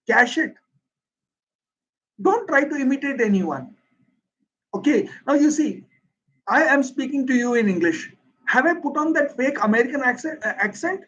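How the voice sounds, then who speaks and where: A man's voice: extremely high pitch, a bit bright, slightly rough, lo-fi sound. A man with an Indian accent, a Hindi speaker, answering viewers' questions in an earnest, emphatic livestream English lesson. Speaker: English teacher.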